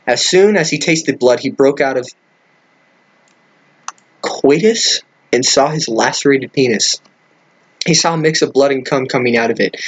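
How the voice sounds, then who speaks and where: In a medium-pitched voice with a breathy edge, a man reads a crude piece of fan fiction out loud for laughs. He trips over the wording and keeps interrupting himself with disbelieving, swear-laden remarks.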